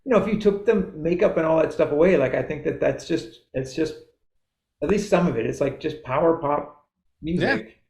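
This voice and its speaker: A middle-aged Canadian man, a musician appearing as a podcast guest, chats casually in a rambling way, cutting himself off and laughing often. His voice is slightly high and darkish with vocal fry, at a moderate pace, and the recording sounds reverberant.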